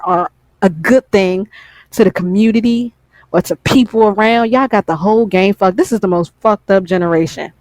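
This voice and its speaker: A woman YouTuber rants hard in a vlog, swearing freely and hammering the same lines again and again. Her voice sits at an ordinary pitch, with nothing unusual in its height. The sound is dry and close, with no room echo. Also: a little mellow. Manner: heated, profane, repeats lines for emphasis. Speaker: gaming YouTuber. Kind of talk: ranting vlog.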